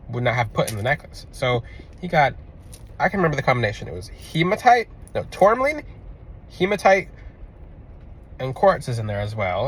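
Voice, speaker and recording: A man's voice: medium pitch, fairly bright tone, slight background noise. A man with a Florida accent telling a story about selling a crystal necklace, rambling and repeating himself and acting out what people said. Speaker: crystal seller and spiritual adviser. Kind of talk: casual storytelling monologue.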